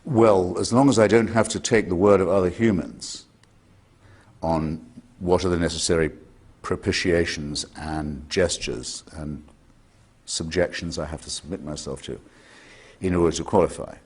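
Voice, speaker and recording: A man answering questions in a sardonic, deliberate way with precise wording. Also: sits low, fairly even intonation, a little mellow, husky.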